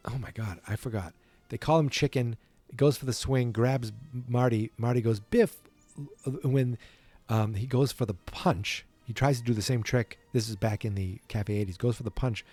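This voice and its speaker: A man hosting a podcast who recounts a film from memory in a rambling, playful way, often stopping to correct himself. His voice is mellow and darkish, at a middle pitch for a man. The recording is dry and close to the mic. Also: normal speed, no echo, soft background music. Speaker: podcast host. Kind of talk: casual retelling from memory.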